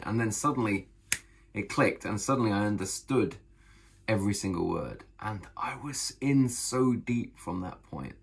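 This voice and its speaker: Brief: male author vlogger, low gravelly husky voice, enthusiastic and emphatic delivery. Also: a bit bright. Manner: enthusiastic, emphatic, repeats phrases. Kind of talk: casual talk to camera about writing.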